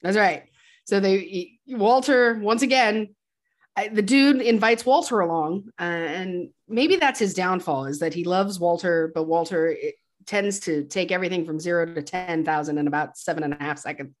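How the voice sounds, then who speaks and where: A woman's voice: on the low side, normal speed. Chatty woman recapping a film. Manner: animated, chatty retelling with laughs. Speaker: podcast co-host.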